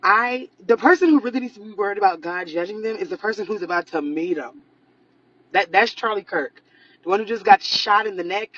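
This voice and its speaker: A woman's voice: medium pitch, a little fast, a bit bright, muffled recording. A woman speaking sarcastically and dismissively in a profane vlog commentary. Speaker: social media commentator. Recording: noisy background hiss.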